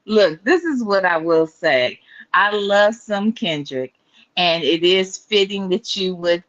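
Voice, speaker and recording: A woman co-hosting a casual livestream, talking in a sassy, drawn-out way. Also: fairly low pitch, expressive, fairly bright tone. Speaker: co-host. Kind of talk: casual live chat. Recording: dull, lo-fi audio.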